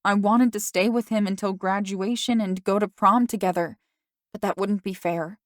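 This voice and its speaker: A resigned, sighing teenage girl, read by a woman narrating an audiobook. She sounds defeated and soft, in a dry, close recording. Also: mid-range voice, fairly even intonation, normal speed, no room sound, lightly acted. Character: sad teenage girl giving up her boyfriend. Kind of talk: audiobook character reading.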